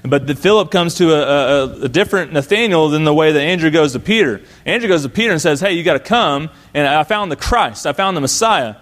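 A man preaching a sermon, voice sitting a little high for a man. He is lively and conversational. He voices the Bible characters as he retells their exchanges. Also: fairly quick, few pauses. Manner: animated, acts out the Bible characters' lines in conversational voice. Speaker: pastor.

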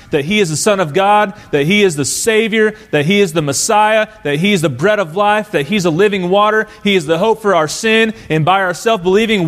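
A man preaching a sermon as pastor, emphatic and full of rhetorical questions to the congregation. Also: sits high.

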